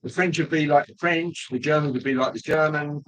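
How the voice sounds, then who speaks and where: Chatty man with a higher voice. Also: fairly bright tone, rough recording. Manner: rambling, jokey, pauses with ums. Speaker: livestream host. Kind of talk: casual chat with viewers.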